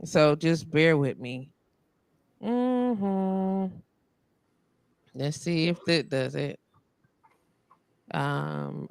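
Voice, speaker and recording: A woman's voice: deep voice, vocal fry, clean tone, dry recording. A woman hosting a live stream in casual chat, muttering and venting as she fixes her tech. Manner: frustrated, muttering while fixing tech. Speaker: host.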